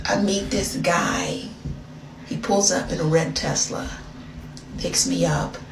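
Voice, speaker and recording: An American woman telling a chatty confession story straight to her viewers, talking to them like a friend. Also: low-pitched. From United States. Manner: chatty, animated, addresses listener as girl. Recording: roomy, distant, noisy phone video.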